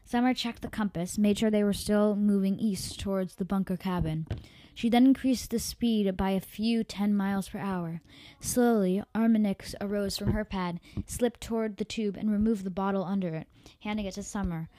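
A woman's voice: medium pitch, moderate pace, warm tone, no echo. A woman storyteller reading her own story aloud, an amateur reader who stumbles and corrects herself. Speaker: podcast storyteller.

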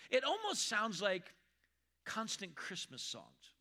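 A man preaching from the pulpit with a high-pitched, bright, ringing voice. He slows right down to repeat his main points and reads scripture with weight. Between readings he drops into casual asides and asks the congregation for an amen. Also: animated. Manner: emphatic, repeats key lines slowly; reads scripture slowly and deliberately. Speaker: pastor. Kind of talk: sermon.

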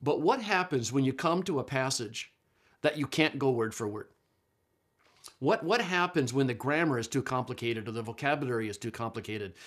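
A man's voice: mid-range voice, expressive, moderate pace. Man explaining Bible translation in a lecture. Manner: conversational, explanatory, with fillers and restarts. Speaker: Bible scholar and teacher.

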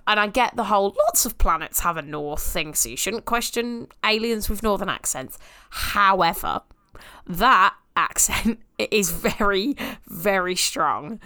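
A woman's voice: mid-range voice, expressive, unhurried, sharp tone. A woman co-hosting a podcast, chatty and frank with her opinions, laughing easily. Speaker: podcast co-host. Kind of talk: casual podcast discussion.

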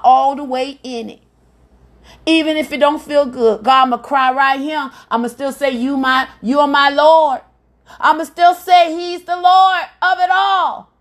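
This evangelist podcast host has a high voice with a fairly bright tone. Her devotional sermon is fervent, full of repeated phrases and cries of praise.

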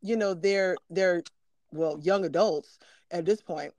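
A woman's voice: fairly low pitch, slow, a little mellow, no room sound. A middle-aged woman co-hosting a casual podcast chat as a mother, talking earnestly with lots of "you know" fillers and easy laughter.

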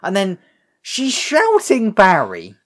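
A man chatting casually with a friend, his pitch swinging widely as he retells scenes. He swears freely and slips into quick mimicked voices. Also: huge pitch swings, fairly bright tone. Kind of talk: casual chat.

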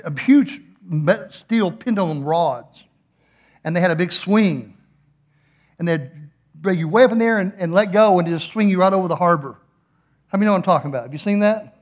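A middle-aged man, a pastor preaching a sermon and telling a funny story with animated, playful acted-out voices. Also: sits high.

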